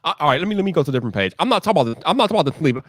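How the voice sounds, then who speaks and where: A man hosting a casual live stream, talking in an animated way, repeating himself and ranting loudly when annoyed. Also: fairly high pitch, racing.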